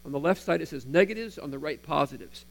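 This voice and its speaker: A man's voice: on the high side, lively intonation, fast, creaky, rough recording. Earnest male preacher with a humming mic. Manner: earnest, reads scripture aloud with emphasis. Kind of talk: sermon. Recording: mains hum underneath.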